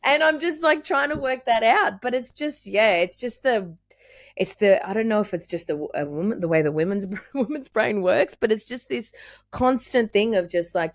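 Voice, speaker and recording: A woman's voice: fairly high pitch, moderate pace, no room sound, studio quality. A young adult woman hosting a podcast, chatting candidly and swearing freely, often laughing. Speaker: podcast host. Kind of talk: casual conversation.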